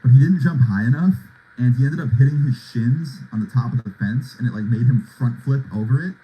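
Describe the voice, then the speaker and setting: A young man retells a story in a loose, casual way, leaning on fillers and asking "right?" as he goes. His voice is deep-toned and very mellow, with a husky edge. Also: a little fast, rough recording.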